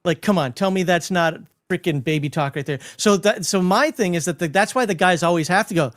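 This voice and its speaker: A man's voice: high-pitched, fairly quick, a bit bright. A man chatting casually as a guest, blunt and opinionated, laughing as he talks. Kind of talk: casual chat.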